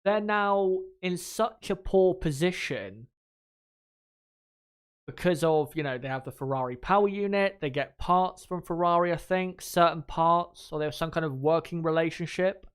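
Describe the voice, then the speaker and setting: A man's voice: a little high, normal speed, clear, resonant tone. A young man, hosting a casual live commentary, rambling frankly and swearing now and then. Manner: rambling, frank, swears freely, laughs easily. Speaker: channel host.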